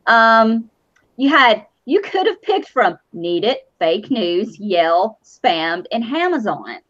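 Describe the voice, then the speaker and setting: A woman's voice: a little high, very animated, takes it slowly, fairly bright tone. A woman hosting a casual fan show chat, blunt, profane and sarcastic. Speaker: host. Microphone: streaming mic. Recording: lo-fi online stream audio.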